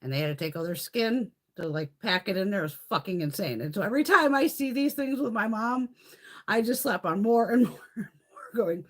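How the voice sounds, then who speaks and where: Speaking at a medium pitch and a little fast, a middle-aged woman hosts a beauty livestream. She keeps things casual and lively, swearing freely while replying to her live audience.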